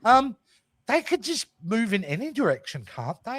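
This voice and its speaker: A man's voice: high voice, normal speed, dry recording. A man with an Australian accent hosting a podcast, chatting casually with jokes and swearing. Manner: animated, jokey, swears freely. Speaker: podcast host. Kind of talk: casual chat.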